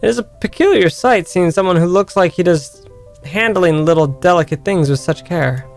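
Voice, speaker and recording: Male streamer, slightly high voice; reads game narration and chats with viewers over faint music. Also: normal speed, gravelly. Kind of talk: game playthrough, reading story aloud and chatting.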